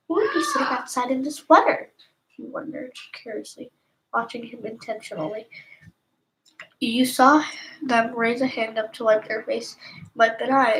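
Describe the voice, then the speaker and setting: Soft-spoken ASMR storyteller woman. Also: fairly high pitch, slight background noise, low-quality recording. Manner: soft, slow, half-whispered reading with slips.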